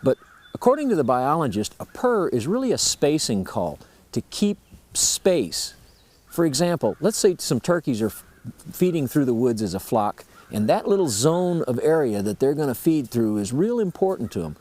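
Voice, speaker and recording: Folksy guy teaching turkey calls, lively up and down voice, breaks it all down simple. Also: mid-range voice, moderate pace. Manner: folksy, plain-spoken, explains step by step. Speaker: turkey-calling instructor. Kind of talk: instructional explanation.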